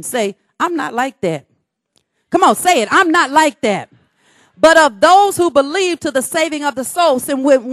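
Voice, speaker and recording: A woman's voice: high-pitched, no room sound, studio quality. A woman preaching a sermon, emphatic and calling on her congregation to respond.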